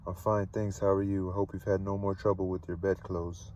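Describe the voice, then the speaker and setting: A man reading a composed, polite young woman's lines in his own low voice. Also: little pitch movement, brisk, dark tone, a little hiss or hum, lightly acted.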